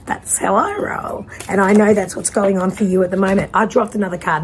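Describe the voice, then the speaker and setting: A woman giving a pick-a-card tarot reading in a blunt, casual way, swearing freely and pausing to guide the listener. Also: mid-range voice, a little hiss or hum. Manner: casual, conversational with guided pauses. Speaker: tarot reader.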